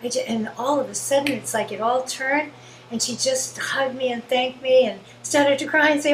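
Woman talking about love and forgiveness, kinda high voice, soft hiss in the background. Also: steady tone, moderate pace, echoey room, rough recording. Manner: earnest, gentle, quotes herself in dialogue. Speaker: spiritual group member sharing. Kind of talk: heartfelt spiritual sharing.

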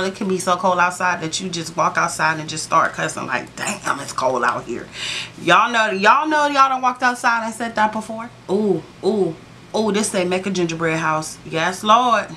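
A woman's voice: on the low side, bright, forceful tone, a little hiss or hum. A woman vlogging a casual sticker book flip-through, chatty and gushing, with sassy playful asides to her viewers.

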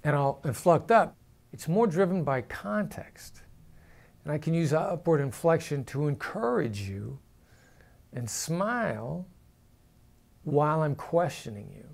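Man explaining negotiation, measured tone. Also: animated, gravelly, darkish tone. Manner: measured, drops pitch and volume to demonstrate firm downward inflection. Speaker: former FBI negotiator. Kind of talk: explanatory talk to camera.

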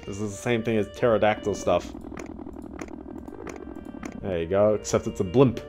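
Low-voiced guy streaming a game. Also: normal speed, music in the background. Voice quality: rambling, self-deprecating. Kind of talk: casual gameplay commentary.

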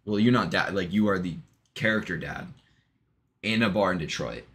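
A man's voice: deep voice, normal speed, a bit bright. A man casually retelling a long joke in a rambling monologue, full of ums, restarts and offhand swearing. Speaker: vlogger.

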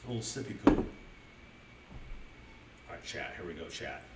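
A man's voice: low-pitched, lively intonation, normal speed, distant mic, heavy background noise. A man reading a children's picture book aloud to his stream chat, swearing often and riffing on the story with gamer slang. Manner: crude, rambling, swears a lot, mixes gamer slang into the story. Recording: roomy echo, speaker drifting from mic.

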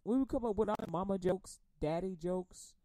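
A woman preaching a casual sermon, chatty and laughing often, acting out quoted voices and reading scripture slowly. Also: mid-range voice, warm tone, slight background noise. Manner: reads scripture slowly and deliberately. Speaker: radio preacher.

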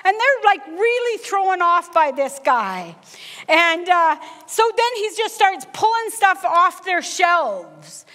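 A middle-aged woman preaching a sermon, telling a personal story with lively acted-out dialogue. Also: very high-pitched, takes it slowly. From Canada. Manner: animated storyteller, acts out dialogue. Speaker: guest preacher. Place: church sanctuary. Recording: long church reverb.

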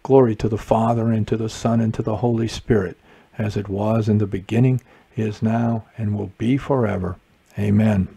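Guy reciting morning prayer, dark mellow voice, bit husky, slow and measured. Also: on the low side, fairly even intonation. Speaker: prayer leader.

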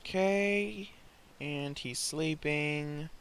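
A man's voice: fairly high pitch, extremely slow, fairly bright tone, slight background noise. A young man hosting a casual gameplay let's play, often exasperated and scolding the characters he controls.

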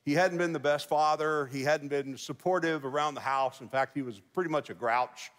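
A man with a fairly high voice preaches to a congregation, spinning a folksy, joking story and laughing between lines. His voice rings through a large church hall with a long echo. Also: moderate pace, fairly bright tone. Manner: folksy storytelling with jokes and chuckles. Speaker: pastor. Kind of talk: sermon. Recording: big reverberant church hall.

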